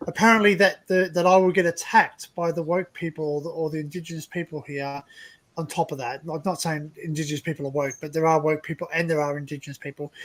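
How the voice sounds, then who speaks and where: A high-pitched Australian man hosts a casual online group chat. He rambles through his points, stumbling over repeated words, and states his opinions bluntly. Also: fairly bright tone. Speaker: livestream host.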